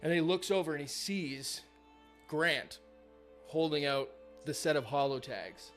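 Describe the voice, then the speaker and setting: A man's voice: on the high side, unhurried, a bit bright, soft background music. A man running a live tabletop game as game master, narrating casually with lots of fillers and swearing.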